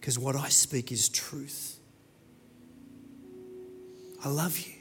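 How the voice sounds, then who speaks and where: A man voicing God as a hushed, tender, loving presence in a sermon, a whispered role-play. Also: medium pitch, steady tone, takes it slowly, long reverb tail, over music, voice pushed down, natural voice. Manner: hushed, soft and gentle.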